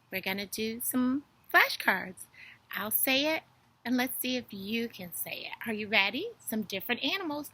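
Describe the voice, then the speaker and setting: A woman's voice: on the high side, sharp tone, breathy edge, no room sound. A young woman reading a story and doing animal flashcards for toddlers in a sing-song, exaggerated way. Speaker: children's video host.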